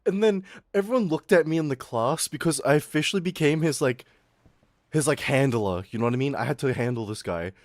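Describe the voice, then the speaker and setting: A man's voice: fairly high pitch, brisk, no echo. Rambling, profane man telling a story. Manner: rambling, profane, lots of fillers. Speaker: streamer. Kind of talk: casual storytelling on a livestream.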